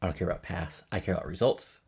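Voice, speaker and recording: Brief: pushy schemer of a manager, husky and low, played by a man. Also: fast, a little mellow, heavily acted. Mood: scornful. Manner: pushy, scornful, demanding. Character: scheming fast-talking male wrestling manager.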